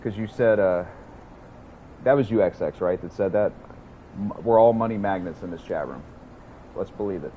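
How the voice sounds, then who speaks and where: A man streaming a game from his hot room at home, talking excitedly and with a lot of swearing to his chat. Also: low-pitched, moderate pace, long pauses, phone-quality sound, slight background noise. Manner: excited, profane, chatty with chat. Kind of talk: casual livestream chat.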